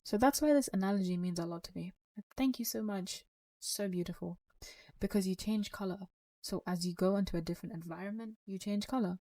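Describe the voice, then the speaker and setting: A woman's voice: medium pitch, brisk, dark tone, no echo, distant mic. A woman hosting her channel, giving earnest, encouraging reflective advice. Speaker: channel host.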